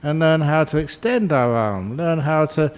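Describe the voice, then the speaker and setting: An older man, a Buddhist monk, giving a Dhamma talk with gentle humour and emphatic repetition. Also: on the high side, measured pace, smooth. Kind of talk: sermon.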